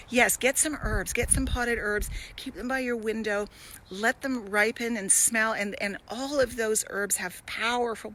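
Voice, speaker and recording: A woman's voice: mid-range voice, a bit bright, slight background noise, poor audio. A middle-aged woman hosting a casual live stream from her garden, talking to viewers in a gushing, emotional, encouraging way. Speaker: wellness host.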